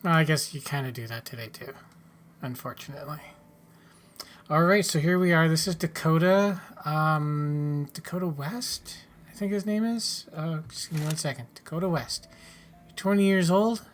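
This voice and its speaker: A man's voice: on the high side, normal speed, slight background noise. A man casually commenting on his own video game play, wry and offhand, often muttering asides under his breath. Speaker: gaming YouTuber.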